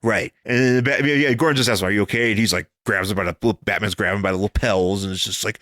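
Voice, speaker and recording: A man co-hosting a casual comic book podcast, jokey and animated, often acting out characters in silly voices. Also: lowish voice, fast talker, hardly any pauses, dry recording, studio quality. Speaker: podcast co-host.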